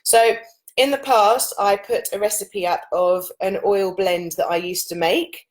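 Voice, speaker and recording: A woman in her late thirties, a yoga and oils teacher, chatting informally to camera with a husky voice and loose, run-on explanations. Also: mid-range voice, fairly even intonation, measured pace. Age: 30s. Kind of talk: casual chat to camera.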